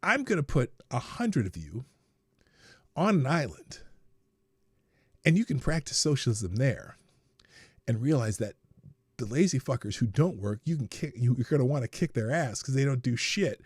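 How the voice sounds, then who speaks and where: Man, livestream host, swearing, blunt, laughs at himself, very lively pitch, dry close sound. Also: a little fast, breathy edge, dry recording. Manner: profane, blunt, laughs at his own jokes, swings from low mutter to loud outbursts. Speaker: livestream host answering viewer questions. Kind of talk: casual unscripted chat.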